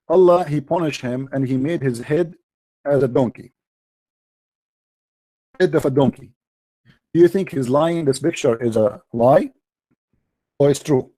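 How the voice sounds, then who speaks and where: A man's voice: fairly high pitch, warm tone, no room sound. A man hosting a heated debate, insistent and repeating himself as he talks over the other speaker. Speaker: show host debating a caller.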